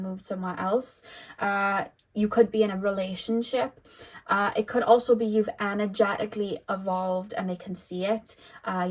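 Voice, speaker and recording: A woman's voice: mid-range voice, poor audio. Young woman, tarot reader, casual chat, filler-heavy, talkative. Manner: chatty, many "like" fillers.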